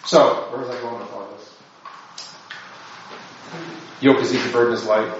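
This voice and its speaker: A man's voice: medium pitch, steady tone, normal speed, a little hiss or hum. A man giving an informal spiritual talk to his parish, rambling and self-deprecating, full of asides. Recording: distant mic, very echoey, dull lo-fi sound.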